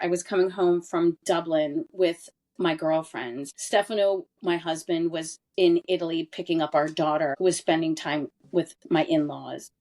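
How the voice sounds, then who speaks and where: On a podcast, a woman in her forties who once lived in Europe shares a personal story as a guest, earnest and candid, stressing the words that matter most. Her voice is a little low, with a darkish tone.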